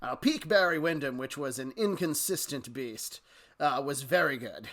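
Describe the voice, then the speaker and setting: A man's voice: mid-range voice, animated, normal speed, a bit bright. A man co-hosting a podcast, breaking down wrestling promos analytically and acting out the lines he quotes. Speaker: podcast co-host. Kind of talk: casual chat with analysis.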